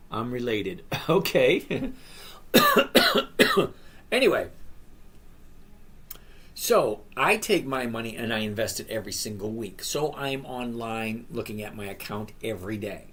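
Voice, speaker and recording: A man's voice: mid-range voice, big pitch swings, a little slow, a bit bright, husky. A man in his sixties hosting a casual live stream, reading viewer questions aloud and answering each by name in a rambling, chatty way. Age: 60s.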